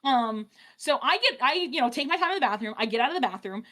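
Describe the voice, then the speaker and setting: A woman telling a story in casual chat on a live stream, animated, with many fillers and restarts. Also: sits high, quick pace. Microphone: streaming mic.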